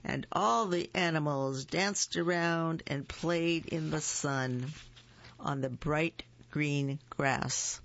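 Slow, gentle picture-book reader. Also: medium pitch, steady tone, dull audio. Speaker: storyteller. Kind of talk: reading a picture book aloud.

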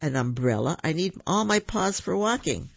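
Man putting on a boastful jungle tiger, slow and pleased with himself, a bit gravelly, on a dull lo-fi recording. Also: fairly high pitch, expressive. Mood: menacing, smug. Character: boastful hungry male tigers.

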